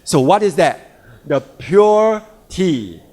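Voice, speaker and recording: Slow-talking man in a reverberant hall. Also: high-pitched, sing-song, dark tone. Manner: talks in short repeated phrases, asks the audience questions. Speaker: health coach. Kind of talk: product presentation talk.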